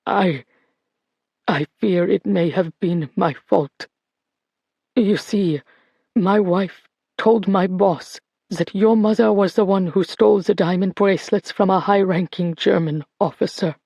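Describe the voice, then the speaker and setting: A woman voicing a frail, remorseful old man who speaks in a raspy, pleading way. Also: medium pitch, a little slow, dark tone, dry recording, studio quality. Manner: pleading, tearful.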